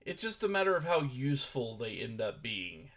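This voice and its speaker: A man's voice: medium pitch, sing-song, normal speed, a bit bright. Man, casual stream chat, explaining game rules, hesitant, thinking aloud, desk mic, typing behind. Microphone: desk microphone at a computer.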